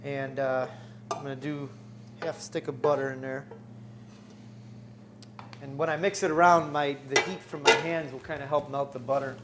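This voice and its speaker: A man's voice: medium pitch, fairly even intonation, normal speed, long pauses, noisy background. A man hosting a cooking show in a studio kitchen, walking through a recipe step by step in an upbeat, joking way. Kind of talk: on-air cooking demonstration.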